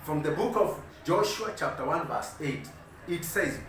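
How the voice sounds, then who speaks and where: A man preaching a sermon as an evangelist, reading scripture slowly and building his points with rising emphasis. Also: on the high side, lively intonation, fairly bright tone, a little hiss or hum. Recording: very echoey room, heard from a distance.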